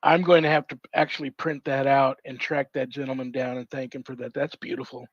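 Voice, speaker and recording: A man's voice: medium pitch, fairly even intonation, a little fast, no echo. Effusive male host, muffled lo-fi sound. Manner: effusive, affectionate. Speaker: show host. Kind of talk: casual sign-off chat with guests. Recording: dull lo-fi sound.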